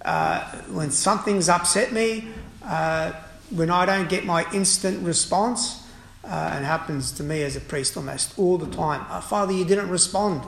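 A man who is a priest, preaching a sermon forcefully, with frequent "uh" fillers and restarts. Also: on the high side, unhurried, creaky, a little hiss or hum. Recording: echoey room.

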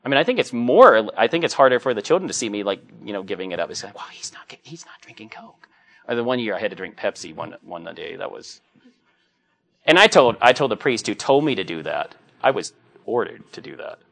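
Middle-aged priest, joking homily. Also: male voice, on the low side, animated, brisk, creaky, a bit bright. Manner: anecdotal and joking, acts out quoted voices. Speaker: Catholic priest. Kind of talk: conversational homily.

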